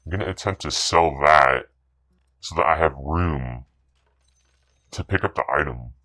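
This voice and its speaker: A man's voice: rumbling low, a little slow, pushed and bright. A man commentating his own video game match, boastful and profane, sneering at the other players with repeated catchphrases. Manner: boastful, profane, contemptuous trash talk; repetitive catchphrases. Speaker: gaming commentator. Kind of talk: gameplay commentary.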